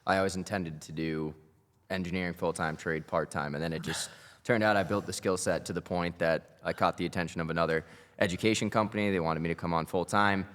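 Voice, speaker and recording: A man's voice: sits low, steady tone, brisk, fairly bright tone, in a large hall. A Canadian man, a trader and educator, speaking candidly in a casual roundtable chat and telling his own story. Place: studio.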